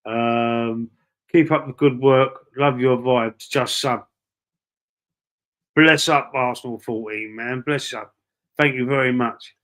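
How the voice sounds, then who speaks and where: This Cockney man from East London, England hosts a casual live stream, reading viewers' chat messages aloud. His middle-pitched voice stays steady in tone at a measured pace. He talks loosely, swears often and calls everyone bro and mate.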